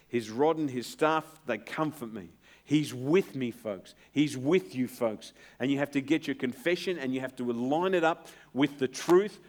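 This middle-aged pastor has a mid-range voice. He delivers his sermon earnestly and emphatically, then drops into a hushed tone to reassure.

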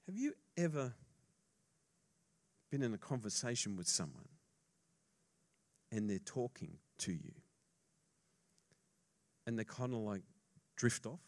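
Slow, dramatic male preacher. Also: medium pitch. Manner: animated preaching, swings between hushed asides and loud emphasis; chatty and joking with the congregation. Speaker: pastor. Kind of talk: sermon.

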